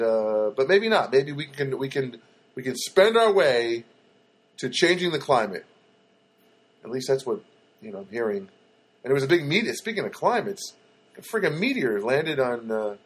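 Poor audio carries a man's medium-pitched voice with a breathy edge. He's hosting a comedic monologue that rambles along, heavy on fillers, self-corrections and sarcasm.

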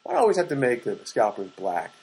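A man's voice: medium pitch, huge pitch swings, fast talker, darkish tone, breathy edge, low-quality recording. A man from the US East Coast talking casually in a rambling solo monologue, chatty and self-deprecating, often putting on comic voices for other people.

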